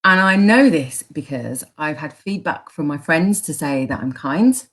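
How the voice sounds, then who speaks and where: Low-voiced Birmingham woman coach. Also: animated, measured pace. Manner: encouraging, restarts her phrases. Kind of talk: casual chat with advice. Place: live online chat.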